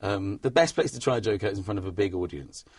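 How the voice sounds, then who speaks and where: A man's voice: on the low side, fast, a little mellow, breathy edge, no room sound. A comedian in a casual interview, rambling and self-deprecating, laughing often at his own stories. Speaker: comedian guest.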